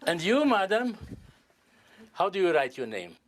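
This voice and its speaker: Older male stage magician, animated and teasing, slightly high voice, faint room noise. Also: a little slow. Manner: playful, courtly and joking with volunteers. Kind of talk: live magic performance patter.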